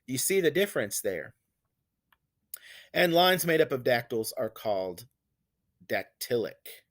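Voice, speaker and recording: A man teaching poetic meter, explaining step by step with fillers and self-corrections, and reading verse lines slowly with heavy stress on the beats. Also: medium pitch, big pitch swings. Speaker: poetry teacher. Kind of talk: classroom lecture on poetic meter.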